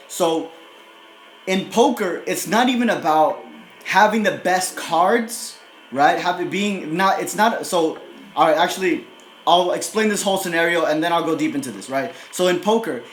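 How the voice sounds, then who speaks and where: A man with a high voice talks in a blunt, aggressive, profane way, tagging "right?" onto nearly every line. His casual motivational monologue is recorded in an echoey room. Faint music plays behind him. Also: expressive, normal speed. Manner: profane, repeats "right?" constantly. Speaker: motivational video host.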